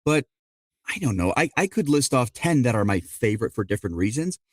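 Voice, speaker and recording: A middle-aged man, an audiobook narrator and dialect coach, answering interview questions in an explanatory way, often quoting people in quick asides. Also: medium pitch, very animated, no echo.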